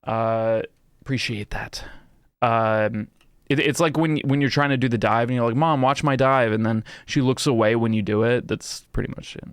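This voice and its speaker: A man's voice: medium pitch, normal speed, smooth, no room sound. A young man live-streaming, chatting casually with viewers, swearing a lot and mock-scolding his pet.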